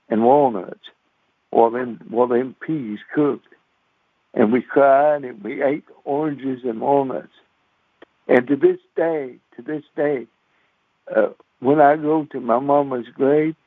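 A man's voice: mid-range voice, no room sound. A man, preaching on the radio with a folksy, repetitive storytelling manner. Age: 60s. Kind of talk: radio sermon with personal story. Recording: dry phone-like radio sound.

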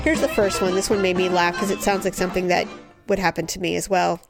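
A woman hosting a podcast in casual chat, talkative and animated, filling her talk with "you know" and "like" as she reads out listener stories. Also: on the low side, fast talker, gravelly, loud music behind the voice. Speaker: podcast host.

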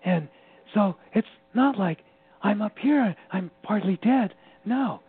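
A man giving an animated, personal account as an interview guest, often laughing as he tells it. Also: high-pitched, takes it slowly, breathy edge. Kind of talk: personal storytelling. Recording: tinny phone-line sound with faint hum.

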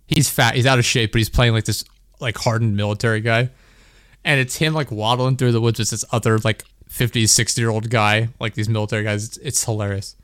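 A young male podcast host rambles and laughs through a story in casual chat, saying "like" constantly. His medium-pitched voice is steady, smooth and a bit bright, and he talks a little fast. The studio recording is clean, with no room sound.

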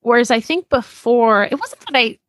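A woman's voice: a little high, expressive, normal speed, a bit bright, no room sound. A woman being interviewed as a memoir author, speaking reflectively and casually with lots of "like". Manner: reflective, casual, uses "like" often.

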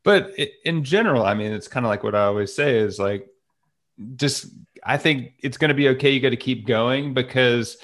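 A man's voice: mid-range voice, moderate pace, a bit bright. Easygoing young man rambling in chat. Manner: easygoing, rambling, filler-heavy. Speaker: podcast co-host. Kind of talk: casual chat.

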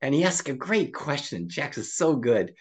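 An older man, a psychologist guest on an interview podcast, telling stories casually and acting out quoted dialogue with lively jumps in pitch. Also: normal speed, breathy edge. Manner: animated storyteller who acts out quoted dialogue with rising pitch.

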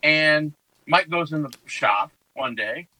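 A man's voice: on the high side, slow, rough recording. A man chatting casually, telling stories and acting out what people said to him. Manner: storytelling, animated quotes. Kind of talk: casual podcast chat.

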